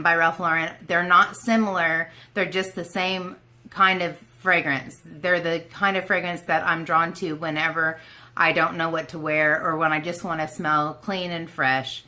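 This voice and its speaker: A woman's voice: on the low side, little pitch movement, unhurried, sharp tone. A woman with an Oklahoma accent chatting casually to her viewers, rambling and joking at her own expense. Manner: chatty, self-deprecating, rambling with asides. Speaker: beauty vlogger. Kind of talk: casual chat to camera.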